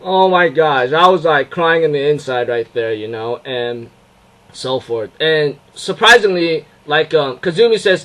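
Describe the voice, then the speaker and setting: A young man giving a casual anime episode review, excitable and rambling, with many fillers and restarts. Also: fairly high pitch, a little slow, rough recording.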